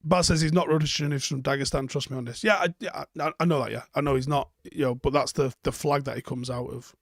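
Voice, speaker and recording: A man's voice: medium pitch, steady tone, fast talker, no echo, clean studio sound. A man hosting a live stream, chatting casually and bluntly while reading out viewer comments, swearing freely.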